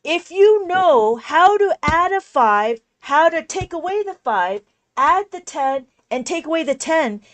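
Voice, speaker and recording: High-voiced woman ranting about teaching. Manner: animated, exasperated ranting. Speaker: math teacher. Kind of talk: casual livestream lesson.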